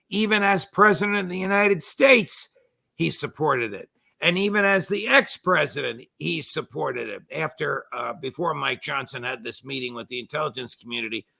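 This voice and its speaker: An older man, a former judge, giving measured but indignant political commentary with sarcastic asides. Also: medium pitch, creaky, pushed and bright, dry recording.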